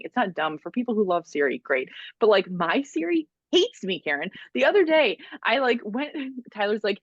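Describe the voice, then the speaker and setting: Woman podcast cohost, rambly animated stories, dull lo-fi sound. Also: medium pitch, a little fast, no room sound. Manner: animated storytelling with many "like"s and laughs. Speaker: podcast co-host. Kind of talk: casual chat.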